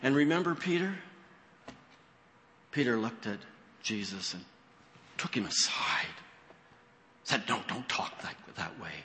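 A male pastor preaching a sermon in a church sanctuary, his voice bright and ringing. He tells the story with expression, dropping low and rising high as he acts out the quoted lines. A long reverb trails each phrase through the hall. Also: very animated, unhurried, long pauses, a little hiss or hum.

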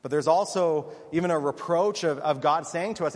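A man's voice: a little high, normal speed, few pauses. A male pastor giving a sermon in an earnest, conversational way, with a few small restarts. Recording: long reverb of a church hall.

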